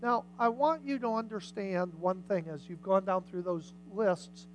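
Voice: mid-range voice, measured pace, a little hiss or hum, low-quality recording. Conversational pastor preaching a sermon. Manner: conversational, questions the congregation. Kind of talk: sermon with scripture reading. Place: church service.

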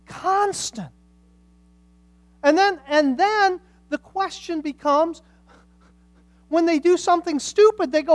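A woman preaching a sermon with passion, swinging from hushed lines to loud, emphatic ones. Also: very high-pitched, takes it slowly, long pauses, dry recording.

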